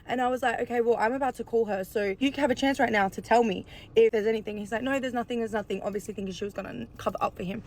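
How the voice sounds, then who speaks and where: Fast-talking woman telling a storytime. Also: a little high, fairly even intonation, darkish tone, a little hiss or hum. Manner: rapid, chatty, peppered with "like" and swearing. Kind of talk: casual storytime while getting ready.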